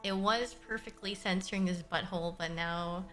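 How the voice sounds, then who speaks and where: A woman's voice: fairly low pitch, steady tone, moderate pace, a bit bright, faint music behind. A young woman livestreaming in a casual, chatty way, answering her chat and cooing at her cat.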